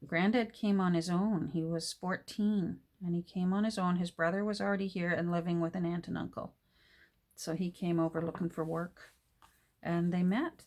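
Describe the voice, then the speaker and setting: Chatty middle-aged woman crafting. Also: lowish voice. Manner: chatty, rambling, trails off mid-sentence while working. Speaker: journal maker. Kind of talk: casual chat while crafting. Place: home craft table.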